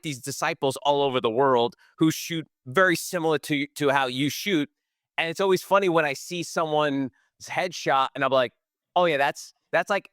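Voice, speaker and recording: A man's voice: a little high, fairly bright tone, smooth, no echo, studio quality. A male podcast host asking questions in a chatty, enthusiastic way. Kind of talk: casual interview hosting.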